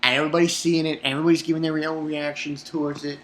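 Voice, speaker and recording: A man's voice: on the high side, little pitch movement, racing, slight background noise. A man casually recapping an anime episode in a loose, rambling way, swearing often and stumbling over his words. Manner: profane, rambling with many restarts and fillers.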